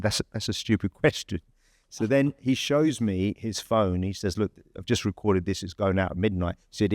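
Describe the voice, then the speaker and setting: A man's voice: low-pitched, darkish tone, dry recording, studio quality. A man with an English accent, telling a long story in a chatty, rambling way full of fillers and restarts. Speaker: podcast host. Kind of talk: casual anecdote telling.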